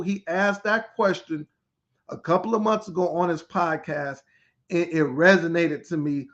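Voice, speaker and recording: A middle-aged man hosting a live podcast as a school turnaround specialist, greeting viewers by name with energetic, repetitive hype. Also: on the high side, unhurried. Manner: energetic, repetitive, hypes the audience. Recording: slightly dull lo-fi audio.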